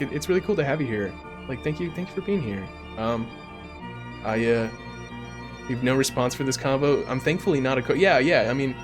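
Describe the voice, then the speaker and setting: A tired young man chatting loosely at the end of a livestream, his voice a little high and swinging up and down a lot. He stammers and giggles his way through, with faint music underneath. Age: 20s. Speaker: streamer. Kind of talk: casual chat ending a livestream.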